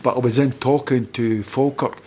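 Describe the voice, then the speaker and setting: A middle-aged Scottish man, a former footballer, telling lively stories in casual chat as a podcast guest and acting out other people's lines. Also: medium pitch, moderate pace, husky. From Scotland. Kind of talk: casual anecdotal storytelling.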